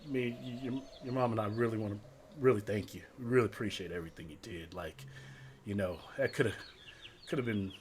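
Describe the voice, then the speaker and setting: A man doing a halting, earnest dad. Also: on the low side, a little hiss or hum, voice pushed down, natural voice. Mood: grateful. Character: grateful, earnest father, middle-aged man.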